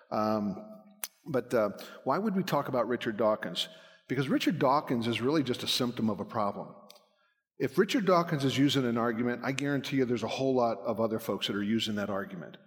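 A man giving a folksy, self-deprecating church talk as a guest speaker on apologetics. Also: medium pitch. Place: church hall. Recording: long hall reverb.

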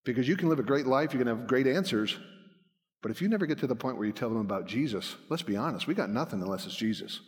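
A man's voice: medium pitch, lively intonation, quick pace. Folksy man preaching in a reverberant hall. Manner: folksy, self-deprecating, rambling. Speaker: guest speaker on apologetics. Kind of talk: church talk. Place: church hall.

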